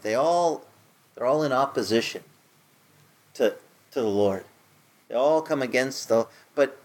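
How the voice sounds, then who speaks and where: A middle-aged man preaching in a conversational sermon style, his voice climbing higher when he stresses a point. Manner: conversational preaching, rises in pitch for emphasis. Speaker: pastor.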